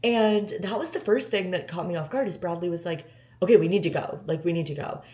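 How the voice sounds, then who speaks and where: Young woman, vlog storytelling, emotional, close to tears, filler-heavy, slightly low voice. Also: a little fast, warm tone. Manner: many fillers like "like". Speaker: vlogger.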